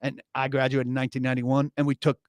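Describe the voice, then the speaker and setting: A man's voice: medium pitch, flat delivery, fast talker, no room sound. A man in his fifties co-hosting a sports talk radio show, wry and rambling, often correcting himself as he tells stories. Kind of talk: casual sports radio banter. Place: radio studio. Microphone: studio microphone.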